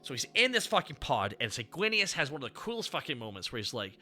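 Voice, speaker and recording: A man hosting a casual ranking stream, telling stories in an excitable, profane rush. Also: mid-range voice, faint music behind. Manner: excitable, profane, fast storytelling. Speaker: streamer host.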